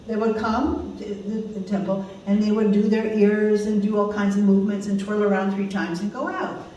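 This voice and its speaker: A woman's voice: medium pitch, flat delivery, normal speed, dull audio, a little hiss or hum. Older lady teaching a small group, laughs a lot, far from the mic in a really echoey room. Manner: warm, laughing, conversational teaching. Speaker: course teacher. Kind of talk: informal talk to a small group. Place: conference room.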